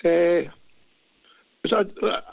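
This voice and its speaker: A man's voice: high voice, slow pace, creaky, dry recording. A man with a Glaswegian accent calling into a talk show, earnest and emotional, rambling with many restarts. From Scotland. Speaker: caller. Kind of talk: emotional phone-in call. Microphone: phone. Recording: dry, tinny phone line.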